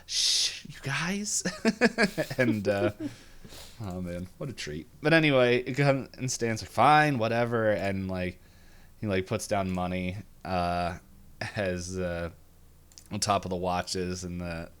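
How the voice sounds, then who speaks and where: Male co-host, lowish voice, chatty and giggly, does funny voices for quotes. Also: a little slow, clean tone. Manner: chatty, laughs often, acts out quotes in silly voices. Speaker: podcast co-host. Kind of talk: casual chat recapping a cartoon episode. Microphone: video call or webcam setup.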